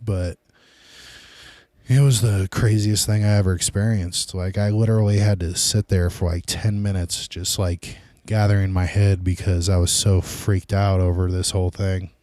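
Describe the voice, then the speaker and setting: A man's voice: sits low, level tone, moderate pace, dark tone, no room sound. A man hosting his own podcast, rambling loosely and casually in a solo monologue. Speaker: podcast host.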